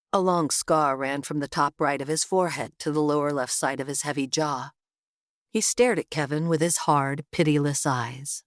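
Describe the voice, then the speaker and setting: A woman narrating a thriller audiobook in a steady, measured storytelling voice. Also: deep voice, no echo, clean studio sound. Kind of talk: scripted narration.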